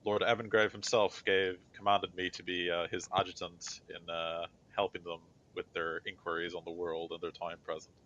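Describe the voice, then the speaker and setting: A man's voice: sits low, flat delivery, bright, forceful tone, slight background noise. A man voicing a composed woman general. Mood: measured. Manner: measured, deferential. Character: composed female general testifying at a trial. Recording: dull lo-fi recording.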